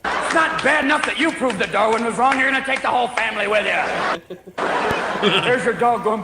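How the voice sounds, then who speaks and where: A man with a high voice rattles through a manic stand-up routine, jumping between voices. The stage recording is echoey and full of loud crowd laughter and noise. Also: a little fast. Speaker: stand-up comedian.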